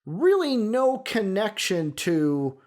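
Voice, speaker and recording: A man's voice: high voice, sing-song, slow pace, a little mellow. A man with a Chicago accent co-hosting a casual sports talk show, thinking aloud and rambling with plenty of fillers. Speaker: sports podcast co-host.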